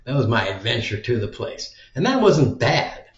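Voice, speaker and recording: A man's voice: medium pitch, sing-song, normal speed. A man talking in a casual, rambling monologue as a vlogger, packing his talk with "like". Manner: rambling, heavy use of "like" filler. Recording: echoey room, dull lo-fi sound.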